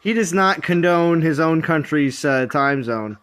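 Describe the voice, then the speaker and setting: A man hosts a relaxed game stream with a slightly high voice. He teases his friends and laughs often. He talks through his game progress as he plays. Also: measured pace. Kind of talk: casual gaming stream chat.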